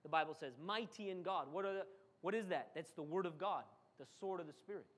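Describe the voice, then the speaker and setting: A man with a very high voice preaches a sermon with fervor. He acts out the figures he quotes and calls on the congregation to answer back with amens. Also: a little fast, fairly bright tone. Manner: preaching with dramatic acted quotes and call-and-response. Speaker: pastor.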